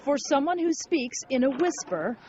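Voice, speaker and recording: A woman news reporter narrating a story in a steady, clear delivery. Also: high voice, moderate pace, lo-fi sound, noisy background.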